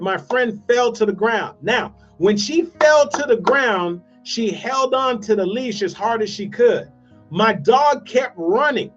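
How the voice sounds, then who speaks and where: A man giving a motivational speech, telling a story with repeated phrases and dramatic slowdowns. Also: high-pitched, dull audio. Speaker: motivational speaker.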